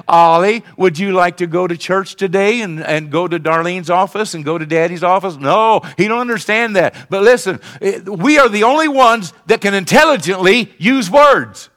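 An older man preaching a sermon as pastor, leading the congregation in call and response and swinging from soft talk to shouting. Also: high voice.

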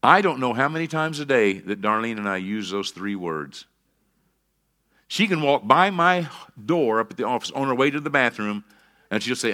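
Middle-aged man, pastor, sermon delivery: bright tone, preacherly, punches up to calls of amen. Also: mid-range voice, lively intonation, normal speed.

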